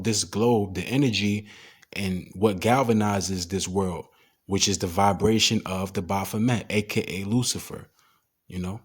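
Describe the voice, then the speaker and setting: A man with a low voice and a slightly husky grain talks things through casually. He explains what he shows step by step and reads verses aloud in the same easy tone. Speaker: commentator on symbolism and scripture. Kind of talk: casual screen-share commentary.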